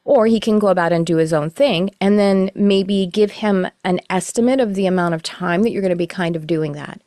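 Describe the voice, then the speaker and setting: A middle-aged woman teaching a live online class, explaining in a relaxed, rambling way with self-corrections. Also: medium pitch, a little fast, no room sound, clean studio sound. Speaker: course teacher. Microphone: video call.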